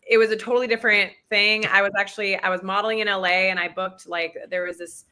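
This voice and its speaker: Bright-voiced woman, grateful and chatty. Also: mid-range voice, steady tone, fast talker. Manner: enthusiastic, grateful, chatty with many fillers. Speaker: actress guest. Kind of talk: casual interview chat.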